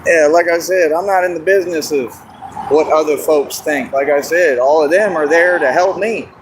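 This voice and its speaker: A man chatting casually and boastfully on an outdoor livestream, laughing often and going hoarse. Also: a little high, normal speed, a little hiss or hum, rough recording. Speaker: street performer in costume. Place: outdoors in a park.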